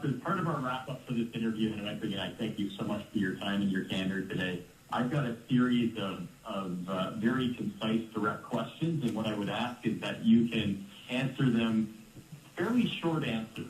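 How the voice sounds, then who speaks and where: Male radio host, low voice, polite and measured, roomy sound, faint ambience. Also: a little hiss or hum. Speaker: radio interviewer. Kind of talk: formal interview questions.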